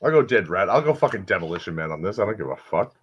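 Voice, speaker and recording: A man's voice: sits low, big pitch swings, slightly rough. A man co-hosting a casual comedy chat, asking questions and reacting bluntly with lots of swearing. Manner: blunt and profane, quick reactions. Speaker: co-host asking would-you-rather questions. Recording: dull lo-fi sound.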